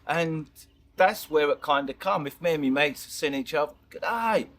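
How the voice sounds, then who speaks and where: Rambling Norwich man, laid-back and a bit high. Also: moderate pace, fairly bright tone. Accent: English, Norwich. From England. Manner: laughing, loose and rambling with many restarts. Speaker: vlogger, interview guest. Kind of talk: casual interview chat. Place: outdoors at a lakeside park.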